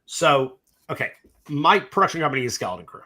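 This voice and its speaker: A middle-aged man, a film director from the US East Coast, telling stories in a casual interview, animated and profane, acting out both sides of the conversations. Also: on the high side, fairly quick, slightly rough.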